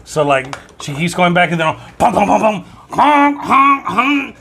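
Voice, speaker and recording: A podcast co-host with a fairly quick, somewhat bright voice that sits high chats easily, swearing casually and laughing at his own stories. There's slight background noise.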